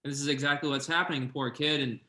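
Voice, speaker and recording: Bright-voiced man in an echoey room. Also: mid-range voice, steady tone, fast. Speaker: motocross coach and host. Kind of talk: casual interview chat.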